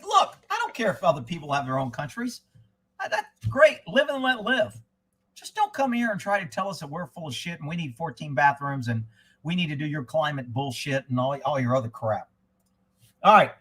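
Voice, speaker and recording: A high-pitched man with a twang rants in a loose, folksy way and swears freely. His talk wanders from one gripe to the next like casual chat on a live stream. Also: big pitch swings, moderate pace, sharp tone, slightly rough, poor audio. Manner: folksy, profane, rambling, with drinking asides. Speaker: livestream host. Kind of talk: casual political rant.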